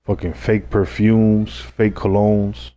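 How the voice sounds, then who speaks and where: A young man tells an old street story in a relaxed, unhurried way. His voice sits a little low, and his talk is full of slang and swearing. He turns lively whenever he acts out what someone else said. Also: dull audio. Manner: laid-back street slang, swearing, animated when quoting others. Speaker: streamer. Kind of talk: casual storytelling.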